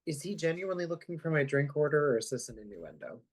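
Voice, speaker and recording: A man's voice: a little high, big pitch swings, fast, slightly rough. A man playing a tabletop game, sounding tired and self-mocking. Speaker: player. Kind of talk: casual play.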